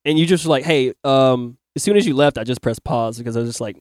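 Man, podcast host, animated storyteller, smooth voice, dry close sound. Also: medium pitch, quick pace, dry recording. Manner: animated storyteller who acts out his own quoted lines, swears casually. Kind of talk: casual chat, telling a dream.

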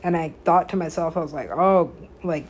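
A woman's voice: deep voice, steady tone, fast, a little mellow, slightly rough. A woman hosting a podcast, telling a personal story in a rambling casual way, full of filler words, swearing and frequent laughs. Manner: laughs often while telling. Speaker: podcast host.

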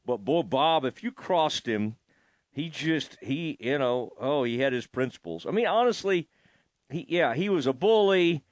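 A man's voice: on the high side, lively intonation, a little slow, no room sound. A man hosting an interview in a casual way, asking rambling, hesitant questions with many restarts. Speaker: podcast host.

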